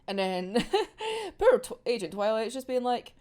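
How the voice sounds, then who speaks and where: A young Scottish woman reviews manga in casual, giggly chat. Her voice sits a bit high and swings widely in pitch as she acts out characters' lines. She swears freely. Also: big pitch swings, normal speed, hardly any pauses, darkish tone.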